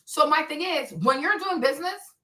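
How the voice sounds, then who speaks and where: A woman hosting her own stream, talking in an animated, blunt way with plenty of profanity and repetition. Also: sits high, normal speed. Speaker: show host. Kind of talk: livestream commentary rant. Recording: echoey room, distant from mic.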